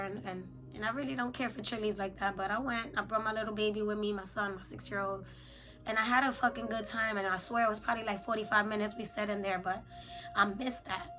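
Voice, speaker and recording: A woman talks in a raw confessional voice journal. She is blunt and slangy, swears heavily, and her pitch sits in a middle range. Music plays clearly behind her. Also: pushed and bright, low-quality recording. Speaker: vlogger.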